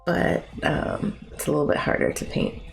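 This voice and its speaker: A woman in her thirties chatting casually with her live-stream viewers while she paints. She is chatty and self-mocking, and she talks to chat between brushstrokes. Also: normal speed. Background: soft music.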